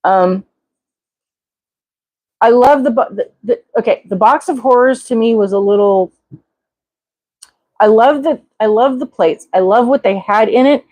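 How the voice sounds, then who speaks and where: Older lady rambling excitedly on her live stream, lots of restarts, dry close sound. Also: fairly high pitch, measured pace, pauses often, no room sound, poor audio. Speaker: livestream host. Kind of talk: casual live chat.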